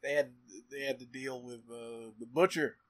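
A man's voice: mid-range voice, fairly even intonation, moderate pace, fairly bright tone. A man co-hosting a podcast, rambling and joking with fillers and laughter. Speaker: podcast co-host. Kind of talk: casual podcast banter.

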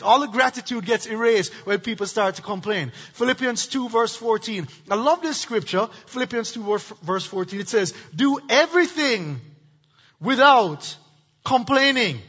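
A man's voice: very high-pitched, a bit bright, breathy edge. A middle-aged male pastor preaching a sermon, prompting the congregation to answer back. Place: church sanctuary. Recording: dull echoey hall recording.

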